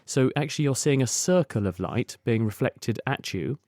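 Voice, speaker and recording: A man with a mellow, rounded voice explains the science patiently and fluently to a radio caller. His delivery is lecturing but conversational, and the recording is dry and close. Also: mid-range voice, lively intonation, moderate pace, no echo. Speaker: science expert answering listener questions.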